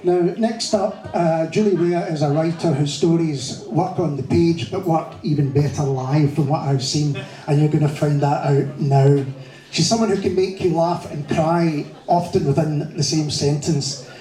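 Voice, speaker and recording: A man's voice: fairly high pitch, unhurried, mellow. A male master of ceremonies introducing the next performer on stage at a live event. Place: bar venue, live event. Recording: far-off voice in an echoey room. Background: audience.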